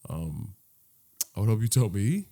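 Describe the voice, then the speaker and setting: A man's voice: on the low side, sing-song, measured pace, mellow. A young man co-hosting a comedy podcast, joking casually and laughing often in a mock-earnest way. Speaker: podcast co-host. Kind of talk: casual chat.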